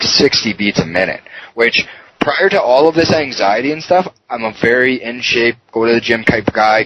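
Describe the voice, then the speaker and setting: A podcast guest with a medium-pitched, fairly bright voice retells a heated story, swearing often and acting out the dialogue. The recording is dull and lo-fi with faint noise.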